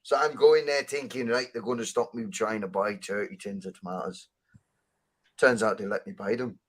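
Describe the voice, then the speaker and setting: A man's voice: fairly low pitch, steady tone, normal speed. A man in a casual voice chat, chatty and telling a story about his shopping. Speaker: chat participant.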